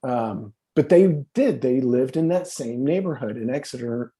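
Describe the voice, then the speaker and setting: A man's voice: medium pitch, expressive, measured pace, dark tone. A man in his fifties, a podcast guest telling stories in a rambling, profane way, full of fillers and restarts. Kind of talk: casual conversational storytelling.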